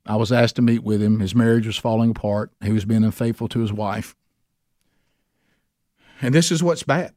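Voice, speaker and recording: A man's voice: on the low side, normal speed, pauses often, darkish tone, no room sound, clean studio sound. A man teaching a men's Bible study in an earnest, emphatic preaching style, with a Southern US accent. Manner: earnest, emphatic preaching with sudden rises for stress. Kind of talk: sermon.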